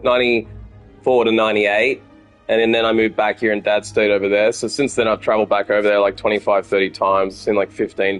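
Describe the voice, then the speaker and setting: An Australian man in his thirties streaming a card game, thinking aloud, swearing freely and chatting with viewers. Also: fairly low pitch. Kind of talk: casual gameplay commentary.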